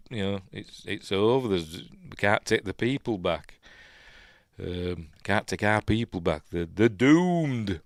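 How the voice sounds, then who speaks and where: Yorkshire bloke chatting through a film, lowish voice, dry close sound, lots of ums. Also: male voice, expressive, slow, no echo. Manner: rambling, heavy with ums and uhs; emotional, chatty. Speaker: film review host. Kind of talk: casual film breakdown.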